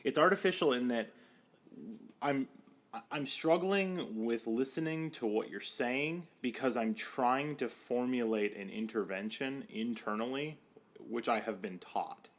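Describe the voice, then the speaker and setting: A man's voice: medium pitch, measured pace. A young man, a psychotherapist, talking casually on a podcast, with many "like" fillers, and slipping into quoted voices now and then.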